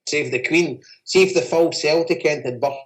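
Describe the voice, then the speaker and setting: A man's voice: fairly high pitch, moderate pace, rough recording. A Scottish man co-hosting a casual radio chat show, ranting a bit and teasing the caller. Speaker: co-host.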